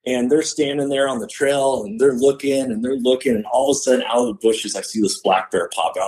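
A man's voice: mid-range voice, brisk, hardly any pauses, poor audio. A man, a podcast guest and hunter, telling a story casually and acting out the voices of the people in it. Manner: animated, acts out quoted voices.

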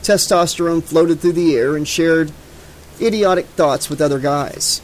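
A male audiobook narrator with a fairly high voice, reading horror in a measured, dramatic manner. Faint noise sits under the reading. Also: low-quality recording. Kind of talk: scripted narration.

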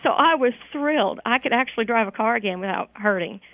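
A woman calls in to a radio program and tells her story with heartfelt gratitude, emotion close to the surface. Her slightly high voice comes through a dry, tinny phone line. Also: animated, quick pace, no room sound. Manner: heartfelt, grateful, tearful. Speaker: radio show caller. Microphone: telephone.

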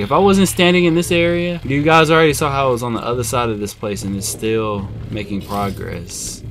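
Man, let's-play commentary, chatty, lively pitch, game music in the background. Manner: chatty, talks to the in-game dog in a high coddling voice. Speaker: gaming video host. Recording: game music playing behind voice.

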